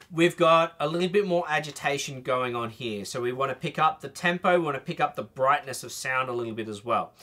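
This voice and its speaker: A man's voice: a little high, pushed and bright. A man teaching a trumpet masterclass, explaining phrasing and singing short bits to demonstrate.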